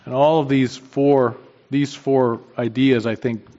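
Earnest preacher in a reverberant hall. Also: male voice, medium pitch, steady tone, slow, warm tone. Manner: earnest, emphatic repetition of key phrases. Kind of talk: sermon. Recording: dull sound with long hall reverb.

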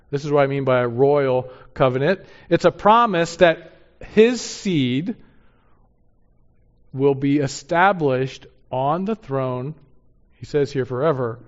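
A man teaching verse by verse through a Bible passage, his voice sitting a little higher than most. He slows down to read scripture with weight and turns to his listeners with rhetorical questions. The recording is muffled and lo-fi. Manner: reads scripture aloud slowly and emphatically, asks the audience rhetorical questions.

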